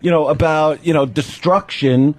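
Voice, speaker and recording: A man with a somewhat high voice tells a comic story on a radio show, playing every part of a phone call himself. He laughs through his own tale. The studio sound is close and dry. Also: moderate pace, no room sound. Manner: animated, acts out phone calls, laughs while telling. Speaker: guest comedian.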